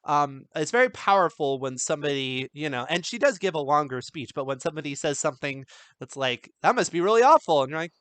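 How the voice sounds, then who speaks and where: A man teaching writing, talking through a film script in a loose, chatty way with lots of fillers. His voice sits a little higher than most men's. The sound is dry and close, with no room echo. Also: brisk, a bit bright, smooth. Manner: conversational, many fillers and restarts; reads film quotes aloud. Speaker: writing instructor. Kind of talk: script analysis lesson.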